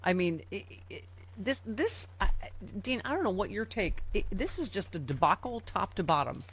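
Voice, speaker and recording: A woman's voice: medium pitch, big pitch swings, normal speed, husky. Sarcastic woman hosting a news talk show. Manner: sarcastic asides, frequent fillers. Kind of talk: reading headlines with commentary.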